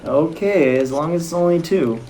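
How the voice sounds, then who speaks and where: A man playing an eager studio executive in a comedy sketch, excitable and quick to jump to conclusions. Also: on the high side, lightly acted. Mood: excited. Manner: excitable, gushing, jumps to conclusions.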